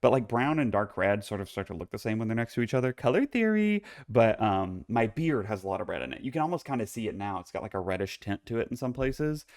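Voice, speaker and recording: A young man chatting alone into a close podcast mic with a fairly low voice. He is sassy and campy, swears freely and jumps up into squealing highs for jokes, in a dry, dead-sounding small room. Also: expressive, quick pace, hardly any pauses, darkish tone, no room sound. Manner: campy, sassy and playfully bossy, swinging into high squeals for jokes. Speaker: podcast host. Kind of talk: casual solo podcast chat.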